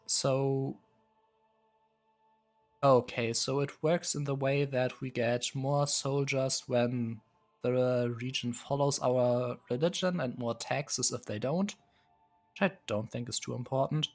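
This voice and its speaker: A man streams live, setting up a strategy game while casually musing, hesitating, and chuckling often. His medium-pitched voice is steady and slow, with soft background music playing in this casual live gameplay commentary.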